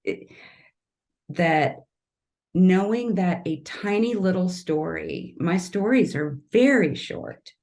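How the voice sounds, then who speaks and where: This middle-aged podcast guest from Kansas City, Missouri, a tree artist and storyteller, has a fairly low, gravelly, darkish voice with lively intonation, and she takes her time. Earnest and emotional, she rambles and keeps restarting sentences in the casual interview.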